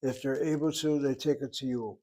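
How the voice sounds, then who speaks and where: A man's voice: mid-range voice, fairly even intonation, moderate pace, warm tone. An older man teaching a Hebrew class, explaining words and asking and answering his own questions. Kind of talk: classroom lecture.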